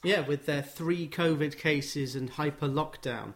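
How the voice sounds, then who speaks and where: A man's voice: a little high, unhurried. Wry man hosting a football podcast. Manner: wry, joking asides. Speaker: podcast host. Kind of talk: casual chat.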